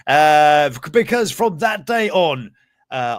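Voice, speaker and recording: A man's voice: a little high, normal speed, dry recording, studio quality. A man hosting a comedic news commentary show, joking, laughing often and wandering into asides. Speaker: host.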